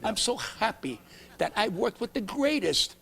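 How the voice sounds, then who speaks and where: A man, a comedian telling rambling, animated stories as a talk show guest. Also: high-pitched, unhurried, vocal fry. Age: 80s. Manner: rambling, animated, acts out voices in his anecdotes. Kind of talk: comic storytelling. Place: TV studio.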